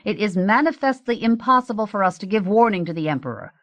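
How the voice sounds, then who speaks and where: A woman's voice: mid-range voice, lively intonation, fast, a bit bright, no echo, natural voice. A woman voicing an impatient, indignant male ruler who insists on his point.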